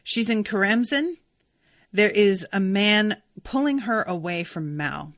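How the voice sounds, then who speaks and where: A woman hosting a podcast, recapping a novel in a casual, animated, profane way. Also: medium pitch, unhurried, no room sound, clean studio sound. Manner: chatty, profane, animated retelling. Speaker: podcast host recapping a book. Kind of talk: casual book recap with read-aloud passages.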